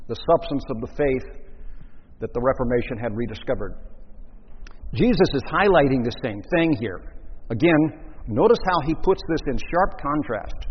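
A man's voice: fairly high pitch, lively intonation, moderate pace, breathy edge, big-room sound, muffled recording. A man preaching a sermon, telling a story and acting out the voices of the people in it. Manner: storytelling, acts out quoted voices.

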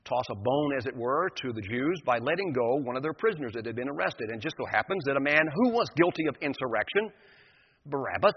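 An older male preacher tells a scripture story in an emphatic, storytelling way, his voice husky and of middling pitch. The sound is dull and lo-fi, with a long reverb from a large hall. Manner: vivid storytelling, emphatic, acting out the scene. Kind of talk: sermon retelling a scripture story.

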